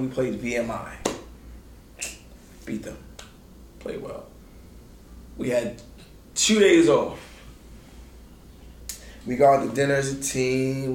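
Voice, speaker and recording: Laid-back man spinning a hoops story in slang, acting out the quotes, in a roomy space with faint noise. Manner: animated, acts out quotes with big pitch jumps. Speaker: former college basketball player telling stories. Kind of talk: casual storytelling.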